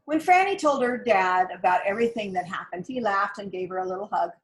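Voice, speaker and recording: A woman reading a children's picture book aloud in a gentle, expressive storytelling manner. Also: mid-range voice, a little fast. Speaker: storybook reader.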